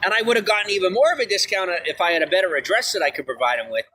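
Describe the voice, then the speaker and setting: A man talking on a live stream in a bright, lively voice. He sits a bit high for a man and leaps between near-shouts and low mutters, always excitable and rambling. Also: very fast, slight background noise. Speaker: livestreamer.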